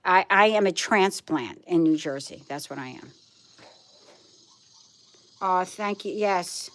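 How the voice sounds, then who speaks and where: A woman's voice: fairly low pitch, slow. Chatty Brooklyn woman live-streaming. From Brooklyn, New York. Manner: chatty, emphatic, repeats herself. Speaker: livestream host. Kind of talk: casual live chat with viewers.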